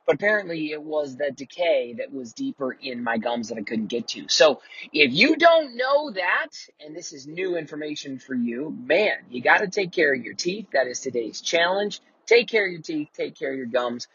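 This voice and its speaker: A man's voice: fairly high pitch, very animated, normal speed, fairly bright tone, slightly rough, dry recording, highs cut off. A man in his forties hosting a casual mentoring talk, telling a personal story in a candid, profane way. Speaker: host.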